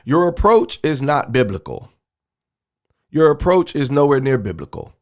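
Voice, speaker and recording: Guy ranting and preaching over a clip he's reacting to, kinda high voice. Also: big pitch swings, moderate pace, a little mellow. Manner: preachy and emphatic, uses sports metaphors. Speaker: show host and minister. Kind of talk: commentary on a video clip.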